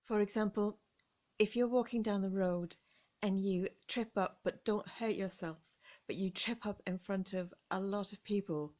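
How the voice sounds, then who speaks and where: A woman with an English accent teaching an English word in a slow, deliberate lesson, savoring each word and acting out examples. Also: mid-range voice, steady tone, darkish tone. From England. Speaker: English teacher and vocal coach.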